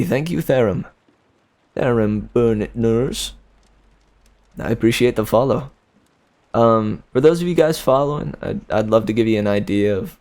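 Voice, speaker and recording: A young man in his twenties chats with his livestream viewers between chapters. He talks slowly and rambles, with slangy asides and frequent laughs. His voice carries a gravelly, creaky texture. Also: fairly low pitch, darkish tone. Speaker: livestream book reader. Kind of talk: casual chat with viewers.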